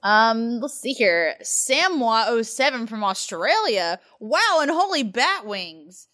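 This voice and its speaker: A woman's voice: a little high, very animated, slow, sharp tone. A woman co-hosting a podcast, reading listener reviews aloud in a giggly, casual way. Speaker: podcast co-host.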